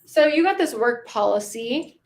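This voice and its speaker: A young adult woman coaching sales in a casual, conversational way, slowing down and pausing to stress key words. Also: a little high, expressive. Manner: conversational, slows down and pauses for emphasis. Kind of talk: casual teaching with spoken sales examples.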